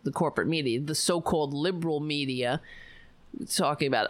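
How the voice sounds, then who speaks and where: A woman's voice: deep voice, normal speed, no echo. A woman hosting a live stream, giving casual political commentary with a lot of swearing and sarcasm. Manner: profane, animated, sarcastic.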